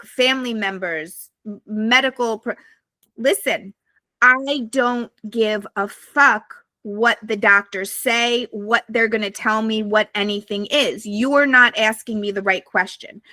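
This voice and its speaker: A woman's voice: on the high side, a little slow, sharp tone, no echo. A woman guest on a podcast telling her story to a live audience in a blunt, emphatic way with frequent swearing.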